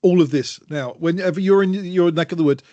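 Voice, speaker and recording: A man's voice: sits high, brisk, dark tone, no echo, muffled recording. A man co-hosting a podcast in casual chat, teasing and enthusiastic. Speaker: podcast co-host.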